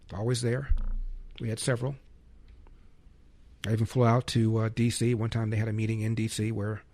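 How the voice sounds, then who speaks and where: A man's voice: on the low side, flat delivery, fairly quick, a little mellow. A man hosting a call-in radio talk show, arguing emphatically and firing off rhetorical questions.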